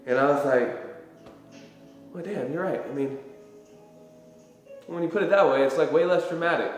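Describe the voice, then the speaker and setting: A man rambles through a casual motivational pep talk, full of fillers and easy swearing. His voice sits a little high. The sound rings in a room with heavy, long-tailed echo. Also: moderate pace, long pauses, fairly bright tone, faint music behind. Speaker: motivational vlogger. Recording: very echoey room with long reverb.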